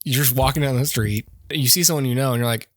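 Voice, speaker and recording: A man's voice: medium pitch, fast, dry recording. Guy rambling on a podcast, laughs a lot, dry close sound. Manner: rambling storyteller, laughs often, many restarts. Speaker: podcast co-host. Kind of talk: casual chat.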